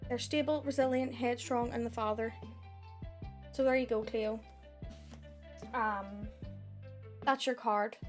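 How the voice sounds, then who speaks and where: A woman's voice: on the high side, steady tone, slow pace, long pauses, soft background music. A woman, chatting casually on a live stream while reading oracle cards, giggly and swearing, with a sore throat.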